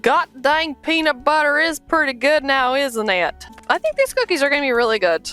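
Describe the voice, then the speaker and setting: Woman, cooking-stream host, high and animated, irreverent banter. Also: moderate pace, faint music behind. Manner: joking, crude, playful. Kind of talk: casual irreverent cooking commentary. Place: home kitchen.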